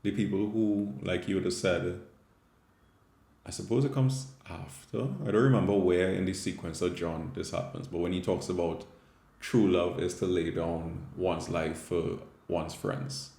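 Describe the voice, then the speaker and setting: A man's voice: low-pitched, fairly even intonation, a little slow, creaky, mellow, echoey room. A man with a Caribbean English accent, a Catholic theologian and teacher, giving a conversational scripture reflection with frequent tag questions.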